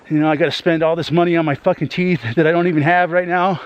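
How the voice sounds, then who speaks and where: A man's voice: fairly high pitch, little pitch movement, fast, clean tone, highs cut off. A man venting to his YouTube audience in a rambling, heavily profane monologue, ending many lines with "man.".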